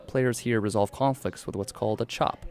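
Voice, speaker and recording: Low-voiced male radio reporter. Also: fairly even intonation, moderate pace, darkish tone. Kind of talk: scripted news feature narration.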